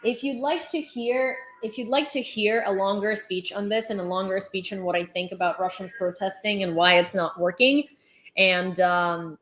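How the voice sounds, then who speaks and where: A woman's voice: mid-range voice, normal speed, a bit bright. A young adult woman livestreaming casual commentary on the news. She talks in a chatty, sarcastic way, with lots of fillers and restarts.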